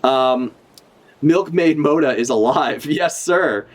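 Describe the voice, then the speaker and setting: A man's voice: on the high side, slow. A young man streaming a live reaction, talking casually with lots of swearing and filler words. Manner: casual, profane, full of fillers.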